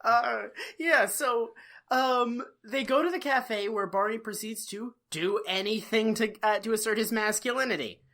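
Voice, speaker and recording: Animated, exasperated man co-hosting a comedy podcast. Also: measured pace. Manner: exasperated, swearing rants with sudden jumps in pitch. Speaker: podcast co-host. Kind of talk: casual comedy podcast chat.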